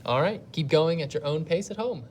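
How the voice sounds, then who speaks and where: A woman elementary teacher recording a lesson for pupils learning at home. She works through every question out loud, patient and methodical, pausing to weigh each choice. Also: low-pitched, lively intonation, breathy edge. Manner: patient, thinks aloud step by step.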